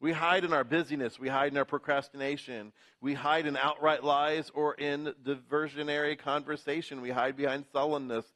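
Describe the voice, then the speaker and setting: A pastor preaching a sermon in church, building emphasis through rhythmic repetition. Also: male voice, on the high side, fairly even intonation, moderate pace, few pauses, a bit bright.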